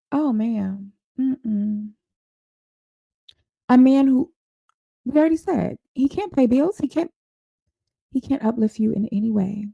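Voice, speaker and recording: Gravelly, dark-voiced woman scolding bluntly. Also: on the high side, no room sound, rough recording. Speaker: host reacting to a clip. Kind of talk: casual commentary.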